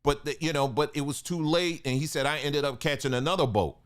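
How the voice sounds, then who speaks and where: A man's voice: a little high, fairly quick, a bit bright. A man hosting a commentary monologue, talking casually and emphatically, with loose colloquial grammar and rhetorical questions to his viewers. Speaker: commentary channel host.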